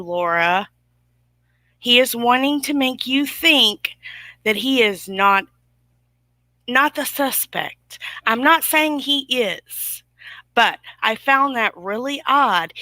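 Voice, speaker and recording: Her voice sits fairly high, pushed and bright, as she vents sarcastically and indignantly at her livestream audience. The casual YouTube commentary has no echo.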